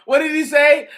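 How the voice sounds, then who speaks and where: High, sharp-voiced man ranting profanely. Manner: profane, mocking, confrontational. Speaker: channel host answering commenters. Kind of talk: heated livestream rant.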